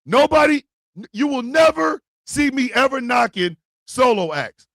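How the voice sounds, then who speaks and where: Hosting a comic advice segment on the radio, this man has a strikingly high voice with a husky edge and big pitch swings as he rants, delivered a little slowly. He's loud, profane, and prone to shouting, and the sound is clean studio audio with no echo.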